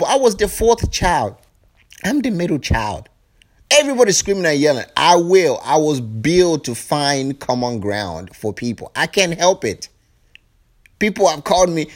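A man giving a fervent spiritual monologue, preachy and profane, often acting out other people's voices. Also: on the high side. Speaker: spiritual speaker.

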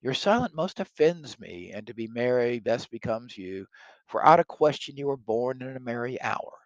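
A man's voice: medium pitch, animated, normal speed, no room sound, highs cut off, pitched above the performer's own voice, lightly acted. A man reading aloud the part of a genial nobleman prince who plays matchmaker, declaiming his lines.

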